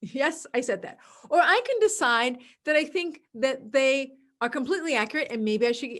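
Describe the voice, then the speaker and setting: High-voiced woman explaining calmly. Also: moderate pace. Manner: acts out quoted voices in a dramatic, excited tone; calm, explanatory, repeats key words. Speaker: podcast host. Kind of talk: solo podcast talk.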